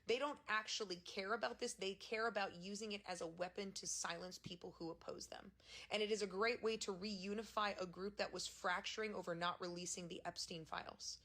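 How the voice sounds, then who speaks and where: A woman's voice: mid-range voice, steady tone, brisk, bright, forceful tone. A woman giving emphatic, indignant political commentary.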